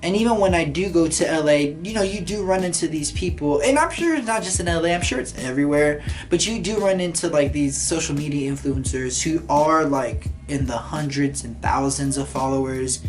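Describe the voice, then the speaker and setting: A woman with a deep, low-set voice chats to her camera in a sassy, animated way. She keeps jumping between loud outbursts and muttered asides, with faint music under her. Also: brisk. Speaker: vlogger. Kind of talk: casual chat to camera.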